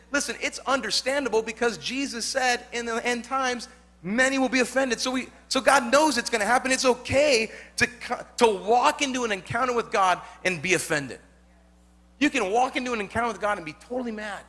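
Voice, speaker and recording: A man's voice: high voice, moderate pace, pushed and bright. A male pastor preaching a sermon, emphatic and joking, repeating his points for effect.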